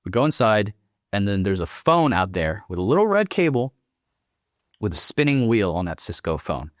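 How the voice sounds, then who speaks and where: A young man on a podcast casually tells a war story, cursing often and acting out what people said. His voice is on the low side and sing-song, at normal speed, in a dry studio-quality recording.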